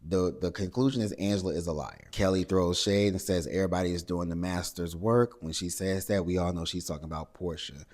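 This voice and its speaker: Casual male recap host, deep low voice, animated and chatty. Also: fairly quick, few pauses. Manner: animated, acts out cast members' lines in higher voices.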